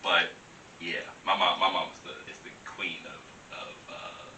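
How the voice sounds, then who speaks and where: A young man chatting as a guest in a loose, slangy way, animated and laughing often. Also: deep voice, measured pace, reverberant, far from the mic, a little hiss or hum, poor audio. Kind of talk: casual chat over wine.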